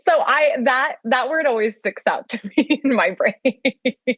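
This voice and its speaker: A woman's voice: sits high, animated, measured pace, dry recording, poor audio. Laughing woman podcast guest. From United States. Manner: warm, laughs often while talking. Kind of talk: casual podcast chat.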